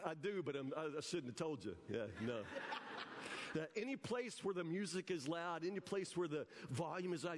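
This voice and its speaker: A man preaching a sermon, animated and joking, with bursts of shouting. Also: high-pitched, long reverb tail. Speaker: pastor.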